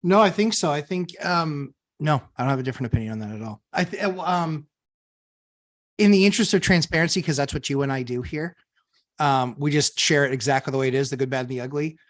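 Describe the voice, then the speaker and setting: Higher-voiced man telling a chatty story. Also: fast. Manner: chatty anecdote-teller, many fillers and restarts. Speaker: podcast co-host. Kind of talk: casual storytelling chat.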